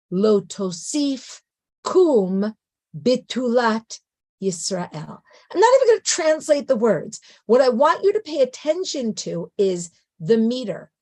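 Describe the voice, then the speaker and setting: A woman's voice: high-pitched, a little mellow. A middle-aged native English-speaking woman giving a conversational lecture, often checking in with a rhetorical "right?". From English-speaking country. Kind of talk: lecture on biblical poetry.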